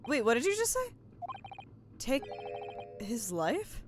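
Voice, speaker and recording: A woman's voice: wildly swooping pitch, takes it slowly, background noise, full character voice. A woman voicing a frantic young lawyer. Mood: panicked. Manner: panicked, high-pitched outbursts. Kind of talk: reading game dialogue aloud.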